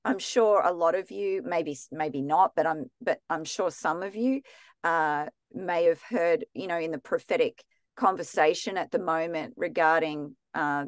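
An Australian woman talks to an online class in a chatty, excitable way, often restarting her sentences. Her voice sits on the low side for a woman, and the sound is close and dry with no room around it. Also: measured pace, dry recording. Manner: chatty, enthusiastic, many restarts and fillers. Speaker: guest teacher in a theology class. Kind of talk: casual, chatty teaching talk.

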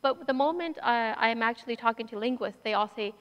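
A woman with a Minnesotan accent speaks in a smooth, rather high voice, answering audience questions reflectively and conversationally. The sound is dull and rings with a long hall echo, as in a university auditorium. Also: fast, fairly bright tone. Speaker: guest speaker.

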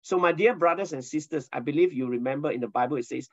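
Teaching a Bible lesson, this pastor is an animated storyteller who puts questions to his listeners. He speaks with a fairly high voice at a quick pace, barely pausing. The audio is dull, with no room sound.

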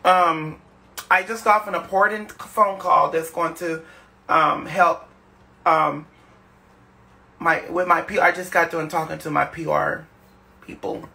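A man chatting on a phone livestream, weary and halting, with many fillers. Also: on the high side, fairly even intonation, gravelly, sharp tone. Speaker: live streamer. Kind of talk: rambling casual livestream chat.

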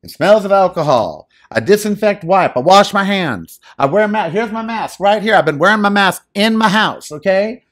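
A man hosting a podcast, giving a casual, animated and theatrical monologue into a microphone at home. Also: high voice, normal speed, few pauses. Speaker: podcast host. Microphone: studio microphone.

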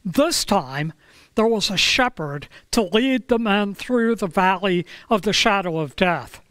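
A man preaching a sermon, telling a story in a slow, measured way with dramatic pauses. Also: high voice, expressive, a bit bright, dry recording. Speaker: pastor.

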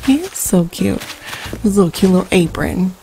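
A woman's voice: fairly low pitch, animated, moderate pace, music in the background. A woman hosting her own channel, chatting casually and giggling while she plays a video game. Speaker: gaming channel host.

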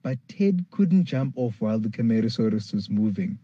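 Guy reading a kids dinosaur story, mellow and kinda husky, muffled lo-fi audio. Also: normal speed, no echo. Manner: animated, jumps high for characters' lines. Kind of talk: children's story read-aloud.

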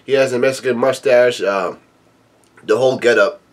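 A man with a voice of middling pitch reads a comic chapter aloud in a relaxed, casual way. He keeps breaking off from the text to drop in quick, offhand remarks of his own. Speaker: manga chapter reader and commentator. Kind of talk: casual reading with commentary.

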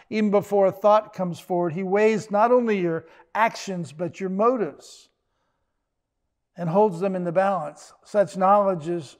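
Older male pastor, high-pitched, conversational sermon with wry humor. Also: darkish tone. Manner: conversational, joking asides with quick restarts.

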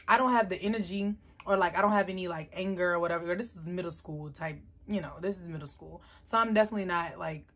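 A young woman vlogger, telling a casual storytime in an animated, slangy way. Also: medium pitch, slightly rough.

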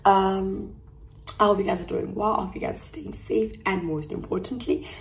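A young woman from South Africa chatting casually to her phone camera at home while getting ready, her voice hoarse and half gone, rambling and correcting herself with little laughs. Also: mid-range voice, normal speed. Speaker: YouTuber vlogging. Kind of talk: casual vlog chat to camera. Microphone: phone on a tripod.

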